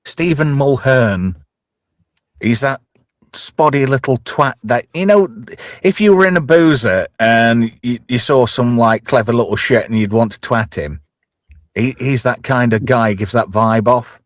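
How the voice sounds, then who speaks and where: A man's voice: mid-range voice, unhurried, no echo, clean studio sound. A man from England co-hosting a podcast, swearing and mocking people in crude, casual banter. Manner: swearing, mocking, puts on silly voices. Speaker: podcast co-host.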